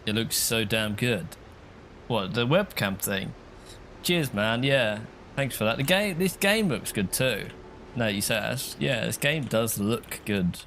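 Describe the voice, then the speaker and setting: Guy streaming a game, rambly and chatty, lowish voice, bit of hiss behind. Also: lively intonation, a little slow, fairly bright tone. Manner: chatty, rambling, reads chat aloud. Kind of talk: casual game commentary.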